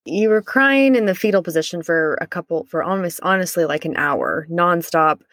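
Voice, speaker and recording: Casting: low-pitched woman, candid podcast co-host, dry close sound. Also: lively intonation, moderate pace, fairly bright tone, no room sound. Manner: candid, rambling with restarts. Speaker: podcast co-host, lifelong friend. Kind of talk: casual recounting conversation.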